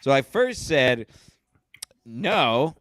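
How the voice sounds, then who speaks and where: A man telling a story on a casual podcast, animated and profane, laughing as he talks. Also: on the high side, a little fast, clean tone, no echo. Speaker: podcast guest.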